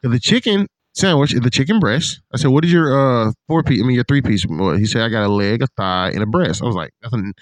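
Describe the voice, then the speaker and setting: A man in casual chat with a friend, an animated, profane storyteller who acts out what others said. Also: mid-range voice, fast, hardly any pauses, no room sound. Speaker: podcast co-host.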